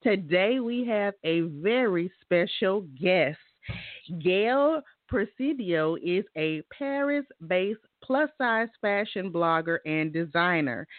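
A woman's voice: lowish voice, no echo. A woman hosts a podcast interview, moving from a read-out intro into friendly questions. Her voice comes through dry and thin, like a phone line, with no room sound at all. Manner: reads a scripted intro, then asks questions in a friendly way. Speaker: podcast host.

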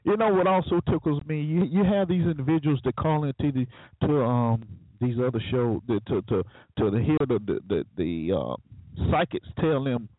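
A man's voice: medium pitch, animated, moderate pace, no room sound. Man, talk show host, opinionated monologue, sarcastic and preachy, chuckling asides, tinny phone-like sound.

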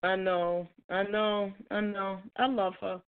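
A woman co-hosting a talk show, telling a story in a casual, animated, self-mocking way and laughing often. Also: medium pitch, slow, clean tone, narrow, tinny audio. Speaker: co-host.

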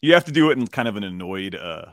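Man, low voice, very lively pitch, rambling casual film chat, dry close sound. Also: fast talker, no room sound. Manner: rambling, animated, acts out character lines in funny voices. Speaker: podcast co-host.

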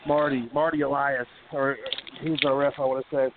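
A man's voice: mid-range voice, flat delivery, a little fast. Rambling storyteller man on a tinny line. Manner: rambling, profane, lots of fillers. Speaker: wrestling radio show host. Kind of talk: casual storytelling. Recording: tinny phone-line sound with faint hiss.

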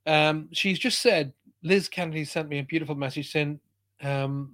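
Emphatic man, slightly high voice. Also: normal speed, a bit bright. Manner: emphatic, checks in with "okay?". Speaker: spiritual speaker. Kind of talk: motivational talk to viewers.

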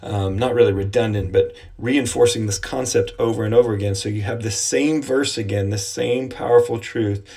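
A man gives a devotional Bible lesson in a low, somewhat husky voice. His delivery stays fairly flat, earnest and repetitive, and he slows down deliberately when he quotes scripture. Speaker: Bible teacher.

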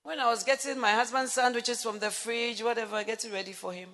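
High, bright-voiced woman preaching. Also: a little fast, big-room sound. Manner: animated storytelling, rising to emphatic declarations. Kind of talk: sermon with personal anecdote.

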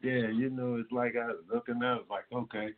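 A man's voice: medium pitch, flat delivery, moderate pace. A man from Indiana hosting a talk-radio show in a casual, rambling way, full of fillers. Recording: tinny phone-line sound.

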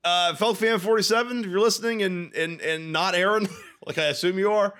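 A man's voice: high voice, fairly bright tone, clean tone. A man co-hosting a casual podcast, wry and profane, often restarting his sentences. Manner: swearing, wry, halting restarts. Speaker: podcast co-host.

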